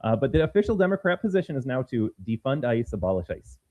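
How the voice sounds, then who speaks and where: A man's voice: mid-range voice, sing-song, quick pace, a little mellow, dull audio. A man co-hosting a political commentary podcast, talking in a heated, sarcastic way. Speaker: podcast co-host.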